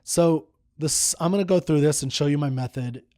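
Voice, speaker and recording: A middle-aged man teaching poetry, reading a poem slowly and then explaining it in an earnest way that repeats words for stress. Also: a little high, warm tone.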